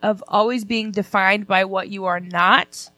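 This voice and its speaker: A woman's voice: medium pitch, fairly even intonation, measured pace, sharp tone, no room sound. A woman in a casual book discussion, talking hesitantly with many fillers and restarts. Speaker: book club member.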